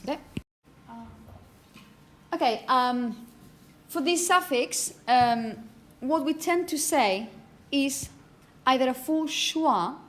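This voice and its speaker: Woman phonetics teacher, high voice, drawn-out example words, faint room noise. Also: lively intonation. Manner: repeats words slowly to model pronunciation; asks "okay?" often to check understanding. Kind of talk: classroom lecture. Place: classroom.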